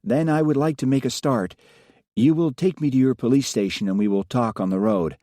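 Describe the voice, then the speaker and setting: A man's voice: mid-range voice, brisk, warm tone, dry recording, clean studio sound, voice pushed up, close to an everyday voice. A man doing Anna, a blunt Russian inspector. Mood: commanding. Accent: Russian with faint American tones. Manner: curt, formal and commanding.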